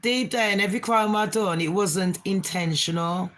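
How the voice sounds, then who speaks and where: Middle-aged woman streamer, frank and rambling, street slang, mid-pitched. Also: normal speed, a bit bright. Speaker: livestream host. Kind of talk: casual live chat with viewers.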